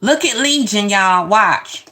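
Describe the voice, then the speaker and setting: Woman host reacting to clips; sassy, emphatic, mid-pitched. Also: lively intonation, slow pace, sharp tone. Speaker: reaction commentator. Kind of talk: casual commentary over show clips.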